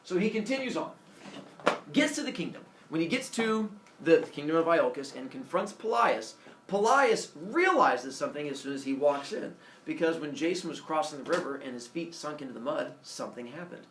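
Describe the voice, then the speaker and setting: Playful teacher telling a myth to a class. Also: male voice, fairly high pitch, sing-song, normal speed, fairly bright tone, a little hiss or hum. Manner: playful, jokey, acting out voices. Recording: echoey classroom from far off.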